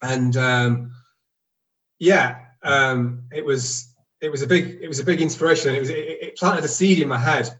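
A man's voice: medium pitch, fairly even intonation, moderate pace, fairly bright tone, recorded from a distance, low-quality recording. A man in his forties tells his own story in a casual, reflective way. He is candid and self-deprecating, and he stops and restarts as he talks. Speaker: guest telling his story.

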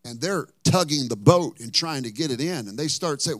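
A man's voice: fairly high pitch, animated, moderate pace, hardly any pauses, no room sound. Dramatic preacher man. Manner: dramatic storytelling preacher, rising to loud bursts. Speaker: pastor. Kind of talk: sermon.

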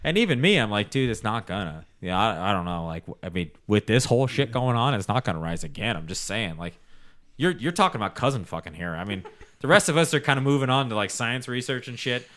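A man with a bright, forceful, crisp voice trades crude, profane jokes in loose comedic banter. He rambles through stories and barely pauses. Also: mid-range voice, very animated.

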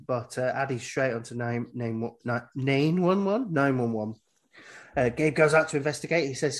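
Guy on a podcast walking through a movie plot, bits of acted-out lines, mid-pitch voice. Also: a little fast. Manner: retells scenes, acting out the characters' lines. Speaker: podcast host. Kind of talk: casual film recap chat.

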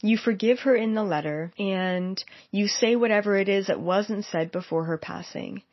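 Animated woman telling a story, lo-fi. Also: mid-range voice, moderate pace, no room sound. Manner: animated, acts out the quoted lines. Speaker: psychic medium. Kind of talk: casual storytelling. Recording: dull, dry lo-fi recording.

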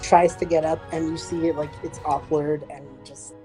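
A woman narrating a tabletop game as game master, animated and swearing as she tells the story. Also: low-pitched, moderate pace, music in the background, poor audio.

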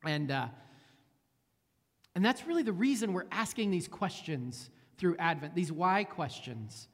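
A man in his forties preaches in a loose, conversational way, doubling back on his words as he goes. His voice sits somewhat high for a man. A long church reverb trails each phrase, as in a large sanctuary. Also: expressive, unhurried, breathy edge. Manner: conversational, repeats words, many fillers and restarts. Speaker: pastor. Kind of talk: sermon with prayer.

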